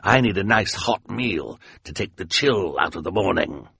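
A man's voice: low-pitched, animated, moderate pace, vocal fry, sharp tone, slightly rough, no echo, exaggerated voice. A man voicing a grumpy, vain, scheming male villain who growls orders in an audiobook. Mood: growling. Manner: growling, bossy. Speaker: audiobook character.

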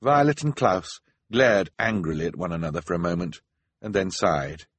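A man narrating an audiobook in a measured storytelling manner. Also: low-pitched, slightly rough, dry recording.

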